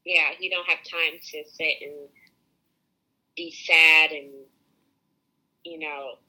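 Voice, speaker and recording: Bright, husky woman, earnest and opinionated. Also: sits low, steady tone, slow pace, rough recording. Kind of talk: casual chat.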